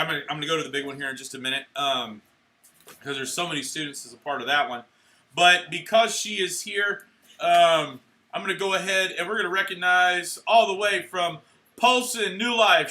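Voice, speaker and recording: A young man emceeing a church awards night, handing out certificates in an energetic, playful way, cheering and joking with the crowd. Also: on the high side, brisk. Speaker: youth pastor handing out awards. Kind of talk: live church event emcee. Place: church hall at a live event.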